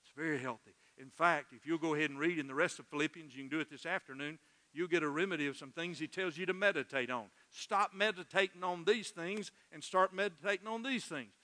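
A middle-aged male pastor preaching a sermon in a church, earnest and emotional, dropping soft and then swelling loud. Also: on the high side, brisk, long reverb tail. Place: church sanctuary.

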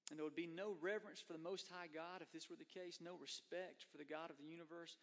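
A man's voice: a little high, fairly even intonation, fast talker. A man preaching a conversational sermon as a pastor, slipping into voices for the people he quotes. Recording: long hall reverb.

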